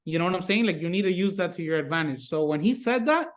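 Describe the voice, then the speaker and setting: A man's voice: high-pitched, fast talker. A man from South Florida, a paranormal investigator guest, telling stories in casual podcast chat, swearing freely and acting out reactions. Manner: animated storyteller, swears freely, acts out reactions.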